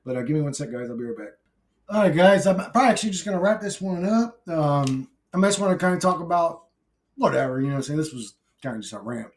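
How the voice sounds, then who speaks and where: A man ranting alone to camera in a vlog, brash and profane, swinging from shouted outbursts to low mumbled asides; he says he is high while filming. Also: lively intonation, quick pace. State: intoxicated. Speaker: YouTuber.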